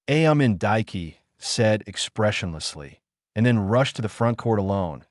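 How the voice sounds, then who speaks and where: Man narrating a novel audiobook, low voice, lively swooping intonation, dry close sound, uneven pauses. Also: no echo. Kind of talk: flat read-aloud novel narration.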